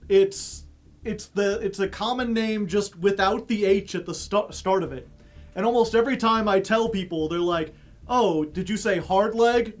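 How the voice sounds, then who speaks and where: Young male streamer, high-pitched, rambling joking chat, laughs a lot. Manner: rambling, joking, laughs at his own stories. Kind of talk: casual chat while playing a card game.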